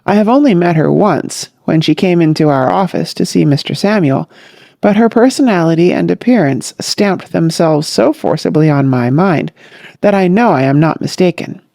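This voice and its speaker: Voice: mid-range voice, vocal fry, dark tone, no echo, studio quality. A narrator voicing a modest, earnest young man who speaks hesitantly.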